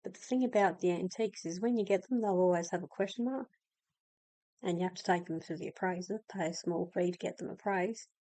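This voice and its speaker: A woman hosts a relaxed video about game lore in a mellow, warm voice. She talks in an easy, explanatory way, with small asides and fillers. The sound is dry and close. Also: lowish voice, brisk, no room sound, rough recording. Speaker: host. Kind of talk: casual game lore talk, reading in-game texts aloud.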